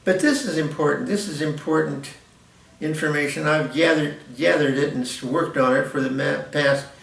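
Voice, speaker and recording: A man's voice: fairly high pitch, normal speed, vocal fry, fairly bright tone. An older man giving a rambling, informal music lesson and correcting himself as he explains. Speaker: music teacher. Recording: echoey room, mic at a distance.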